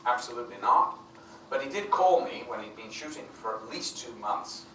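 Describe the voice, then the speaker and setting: Animated storytelling man in an echoey hall. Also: mid-range voice, moderate pace. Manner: animated, acts out other people's voices in quotes. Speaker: film actor interviewed as guest. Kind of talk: anecdotal storytelling. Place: convention venue. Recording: echoey room, distant mic, faint noise.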